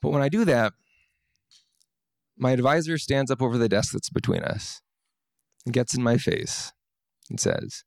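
A scientist telling a personal story to an audience, wry and self-deprecating, with halting restarts. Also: male voice, mid-range voice, gravelly, no echo, studio quality.

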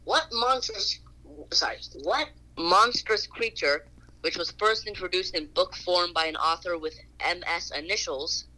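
A man doing a bright, literal-minded young guy. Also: high-pitched, exaggerated voice, low-quality recording. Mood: reading. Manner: halting, literal-minded, flustered. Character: earnest one-armed young man who misses sarcasm. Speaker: phone-in quiz writer.

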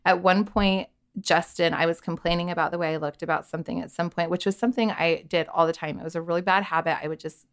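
Woman in her 30s, kinda gravelly, chatty podcast guest, lots of "like"s. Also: lowish voice, steady tone, quick pace. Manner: candid, chatty, full of "like" and quoted inner thoughts. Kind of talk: personal storytelling in a podcast interview.

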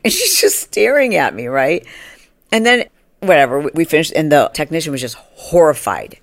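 A woman in her forties hosting a podcast, telling a funny story in a casual way and acting out other people in a high voice, with laughs along the way. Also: very animated, fairly quick, dry recording. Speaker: podcast host.

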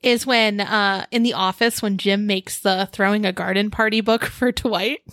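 A woman's voice: mid-range voice, steady tone, normal speed, fairly bright tone, no echo, clean studio sound. A woman co-hosting a casual podcast, chiming in with short, easygoing reactions and laughs. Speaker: podcast co-host. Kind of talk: casual chat.

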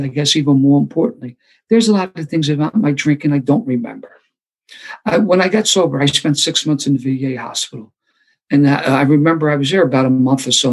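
An older man shares his story at a recovery meeting. His voice is gravelly and slightly husky, a touch higher than most men's. He tells it with dry, self-deprecating humor. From Philadelphia.

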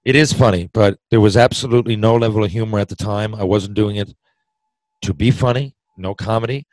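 A man's voice: on the low side, brisk, a little mellow, no echo, low-quality recording. A man from Newfoundland with a Newfoundland accent, a podcast guest telling a long hockey story, rambling and restarting his sentences and swearing casually. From Newfoundland, Canada. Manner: rambling, self-interrupting storyteller who swears and laughs easily.

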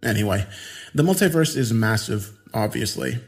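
A man's voice: lowish voice, animated, moderate pace. A man voicing a giggly, unhinged young man in his mid-twenties who taunts and jokes casually. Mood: breezy. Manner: smirking, laughing, casual slangy taunts.

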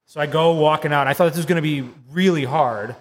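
A man co-hosting a casual podcast, telling an animated story, laughing often and acting out what people said. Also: a little high, a little fast, in a large hall. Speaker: podcast co-host.

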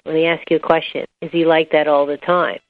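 A woman voicing a dry, wry older male president in a story she tells, low-key and in her own voice. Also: little pitch movement, fairly quick, close to an everyday voice. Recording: dull lo-fi recording.

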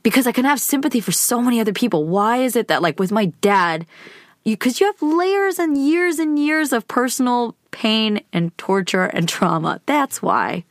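A woman's voice: fairly high pitch, expressive, normal speed, dry recording, studio quality. A woman hosting a podcast, telling a personal story in a candid, conversational way with lots of hedging fillers. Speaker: podcast host.

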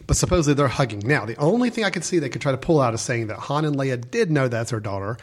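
A man in casual conversation, giving measured, opinionated takes on a film and explaining his reasoning. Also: medium pitch, lively intonation. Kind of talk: casual movie discussion.

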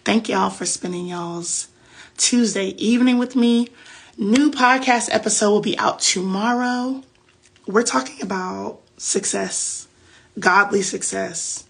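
Gravelly woman giving casual Bible teaching. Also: mid-range voice, slow pace. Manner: chatty, preachy, loose slang. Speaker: faith podcast host.

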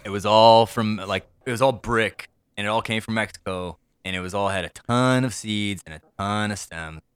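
A man's voice: fairly low pitch, normal speed, clear, resonant tone, no room sound. A man from Iowa, chatting casually in a laid-back way and swearing freely. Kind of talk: casual chat.

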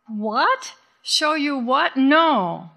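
A woman voicing an angry, defensive fourteen-year-old girl who talks back shrill and scornful. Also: lively intonation, drawn-out words, gravelly, sharp tone, full character voice. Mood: furious.

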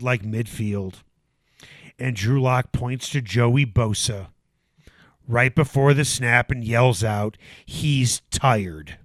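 A man's voice: mid-range voice, dry recording. Ranting sports radio man, dry sound. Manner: animated, ranting, mocking impressions. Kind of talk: sports talk radio debate.

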